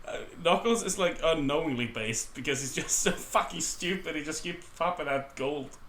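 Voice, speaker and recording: A man's voice: fairly high pitch, moderate pace, a bit bright, a little hiss or hum. A man co-hosting a casual comedy podcast, full of crude jokes and swearing. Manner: crude jokey banter, swears a lot. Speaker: podcast co-host.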